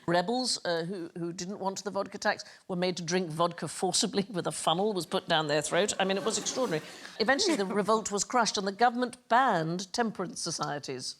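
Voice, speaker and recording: A woman's voice: medium pitch, fairly quick, fairly bright tone. A woman hosting a quiz show, telling odd facts in a wry, chuckling way in a studio. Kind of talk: lively anecdotal presenting. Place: TV studio with audience.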